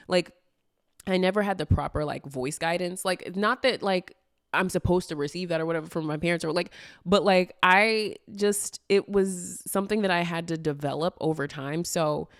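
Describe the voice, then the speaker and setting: A young woman with a low, dusky voice speaks casually on a podcast. She rambles with constant fillers and speaks frankly, with a swear word here and there. The recording is close and dry, in a small room. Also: clear, resonant tone, no room sound. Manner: rambling and candid, heavy use of "like", with swearing. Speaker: podcast host.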